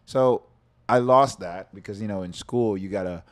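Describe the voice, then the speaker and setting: A man's voice: lowish voice, moderate pace. A man from Jamaica, a podcast guest, telling stories in a laid-back casual chat and swearing freely.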